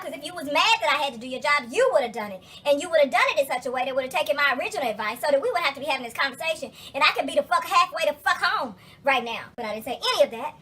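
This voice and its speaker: A woman's voice: sits high, animated, very fast, pushed and bright. A young adult woman vlogger retelling a story as a rant, profane, emphatic and exasperated.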